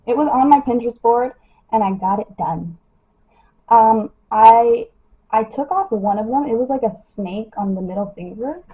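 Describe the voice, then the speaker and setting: A young woman with a slightly husky, fairly high voice talks to her followers in a loose, rambling way, full of fillers. The sound is dull and lo-fi, like a phone livestream. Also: expressive, normal speed. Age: young adult. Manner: chatty, lots of "like" and "you know". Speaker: model livestreaming her skincare routine. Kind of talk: casual livestream chat.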